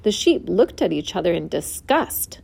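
A woman reading a children's book aloud, expressive and clear. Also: on the low side, moderate pace. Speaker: storyteller.

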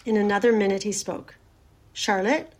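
A woman reading a children's storybook aloud in a gentle, measured way. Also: mid-range voice.

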